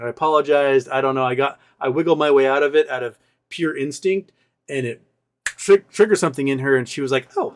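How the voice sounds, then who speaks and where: A male host rambling through a personal story in casual talk, often acting out what other people said. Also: mid-range voice. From Seattle area. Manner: rambling, animated retelling with quoted voices.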